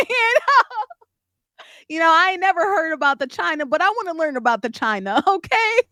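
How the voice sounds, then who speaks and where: A woman's voice: extremely high pitch, very animated, normal speed, sharp tone, no room sound. A woman guest in casual podcast chat who laughs often and readily agrees with the host.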